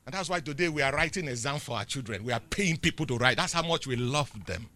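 A middle-aged Nigerian man preaching a sermon, swinging between loud declarations and quiet asides. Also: mid-range voice, lively intonation, fast talker, slight background noise.

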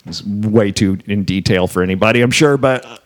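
A man's voice: on the low side, a little fast. A man hosting a casual comedy podcast, talking with a slight lisp and laughing often. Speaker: podcast host.

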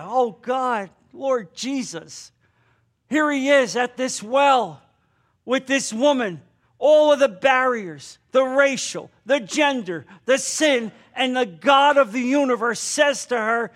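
A man preaching a sermon, fervent and emphatic, slowing down on key words. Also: very high voice, fairly bright tone.

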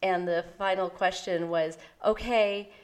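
A woman hosting a casual conversation, gentle and affirming as she recalls a birth she attended. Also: medium pitch, fairly even intonation, a little slow. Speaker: host, birth doula. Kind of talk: casual podcast chat.

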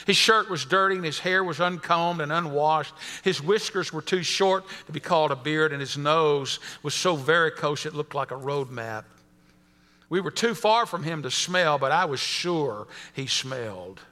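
A man's voice: fairly high pitch, moderate pace, sharp tone, in a large hall. A man preaching a sermon to his congregation and reading a story aloud to them. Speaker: pastor.

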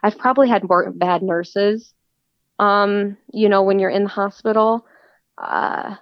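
A woman's voice: mid-range voice, steady tone, a little slow, no echo. A woman talks earnestly in a casual interview, often restarting and repeating words as she goes. The recording is dull and lo-fi, with no room sound at all. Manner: earnest, repeats words when starting sentences. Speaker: guest, cancer patient. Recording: dull lo-fi dry audio.

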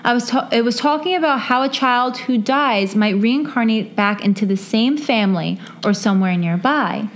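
A woman's voice: on the high side, normal speed, hardly any pauses. A woman co-hosting a podcast, reading a listener's story aloud in earnest and breaking off for playful asides. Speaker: podcast co-host. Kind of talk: reading listener stories aloud, casual chat.

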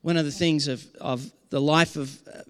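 A man's voice: fairly high pitch, fairly even intonation, normal speed, fairly bright tone, smooth, long reverb tail. A man preaching a sermon as pastor, earnest and impassioned, often restarting his sentences.

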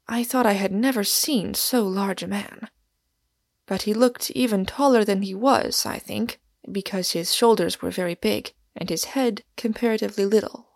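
Woman narrating with a gravelly voice. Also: medium pitch, no echo, studio quality. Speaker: audiobook narrator. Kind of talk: scripted narration.

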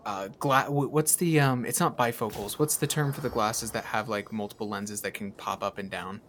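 A man's voice: lowish voice, fairly even intonation, moderate pace, fairly bright tone, a little hiss or hum. A man narrating as game master in a tabletop game, rambling casually with many fillers.

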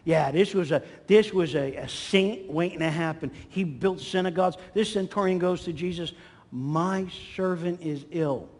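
A man preaching a sermon in a church hall, animated and acting out the voices in his stories. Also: moderate pace, hardly any pauses. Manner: animated, acts out quotes with swings in pitch and volume. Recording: long hall reverb.

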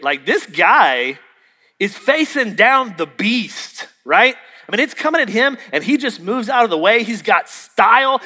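A man delivers a sermon in a bright, ringing voice that sits high and swings widely in pitch. He tells stories and acts out the dialogue with jokey asides. His words carry a long reverb from a large hall. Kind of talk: sermon with storytelling.

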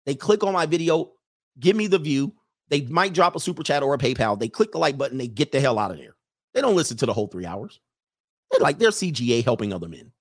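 Animated higher-voiced man ranting on a livestream. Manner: animated, mocking and profane, with repeated rhetorical questions. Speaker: livestream show host.

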